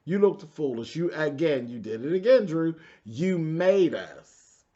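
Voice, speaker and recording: A man's voice: on the high side, unhurried, lo-fi sound. Sassy man recapping reality TV. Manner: sassy, animated, talks straight to viewers. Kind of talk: casual TV recap commentary.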